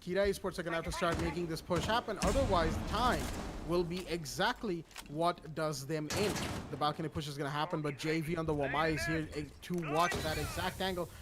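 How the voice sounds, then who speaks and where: A man giving energetic play-by-play commentary on a competitive shooter match, with chatty asides. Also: fairly high pitch, brisk, heavy background noise. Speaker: esports caster. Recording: game gunfire audible under voice. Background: in-game gunshots and ambience.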